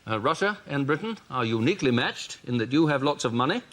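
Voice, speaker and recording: A man's voice: medium pitch, very animated, fast talker. A man playing a bumbling, posh prime minister in an improvised comedy sketch, overly polite and flustered. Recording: loud audience laughter and noise.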